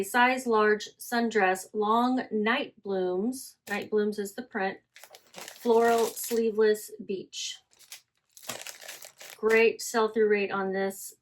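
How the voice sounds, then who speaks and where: A woman chatting casually about items she resold online, correcting herself as she goes and reading out listing details. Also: medium pitch. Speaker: online reseller. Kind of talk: casual selling vlog.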